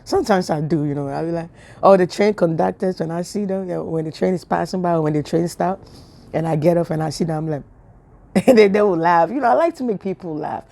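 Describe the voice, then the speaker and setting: A woman's voice: lowish voice, fairly quick, vocal fry, dark tone. A woman giving a casual spiritual talk to camera, telling chatty stories with laughs and whispered asides. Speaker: spiritual vlogger.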